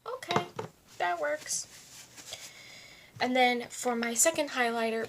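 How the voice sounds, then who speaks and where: A woman's voice: a little high, measured pace, pauses often, noisy background. A woman talking casually through a makeup tutorial at home, chatting to herself as she works. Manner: chatty, talks to herself while applying makeup. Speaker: beauty vlogger. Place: home, indoors.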